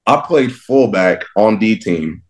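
A young man from Texas with a low, deep voice tells stories from his football life in a relaxed interview. He is animated, laughs often and acts out his younger self in his own words. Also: slow. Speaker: guest, professional football linebacker. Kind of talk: casual interview storytelling.

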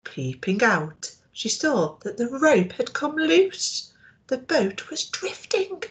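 A woman teacher reading a storybook aloud to young children, expressive and asking them questions. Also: high-pitched, slow pace.

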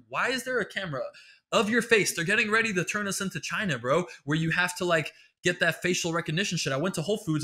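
Bright-voiced man on a profane rant. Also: fairly high pitch. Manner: profane, exasperated, rambling. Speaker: podcast host. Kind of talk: comedic solo rant.

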